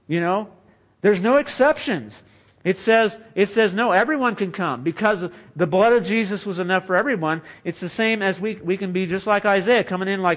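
Male pastor, higher-pitched voice, conversational earnest sermon delivery. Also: brisk, a bit bright. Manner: conversational, earnest preaching with many "you know" fillers.

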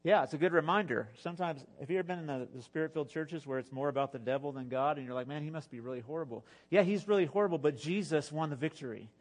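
A male pastor preaching an animated sermon, exhorting the listeners and slipping in jokes and asides. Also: fairly high pitch, quick pace, few pauses.

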